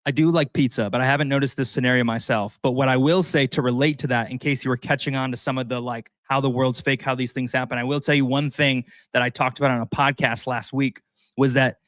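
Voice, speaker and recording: A man's voice: medium pitch, fairly even intonation, fast, a bit bright, dry recording. A man hosting a casual livestream, rambling animatedly and talking straight to his viewers. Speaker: livestream host.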